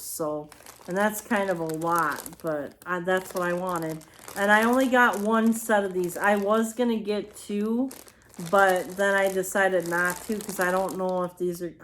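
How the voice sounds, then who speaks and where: A woman with a fairly low voice rambles through a casual show-and-tell of home decor she bought, sprinkling in apologetic asides, with slight background noise behind her.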